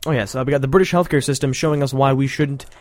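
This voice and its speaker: A man's voice: medium pitch, steady tone, very fast, dry recording. Sarcastic male talk-show host. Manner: sarcastic, rambling, jokey asides. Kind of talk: political talk show monologue.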